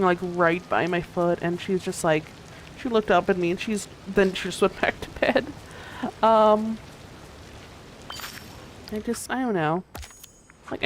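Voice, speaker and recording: A woman's voice: mid-range voice, a little hiss or hum. A young woman livestreaming a game, chatting casually and a bit sleepily, rambling with lots of fillers and restarts. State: sleepy, yawning. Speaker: gaming streamer. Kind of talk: casual livestream chat while gaming.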